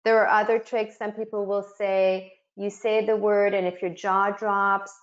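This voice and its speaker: A woman's voice: mid-range voice, flat delivery, unhurried, dull audio. A middle-aged woman giving an instructional webinar, explaining and sounding out speech sounds for educators. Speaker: webinar facilitator.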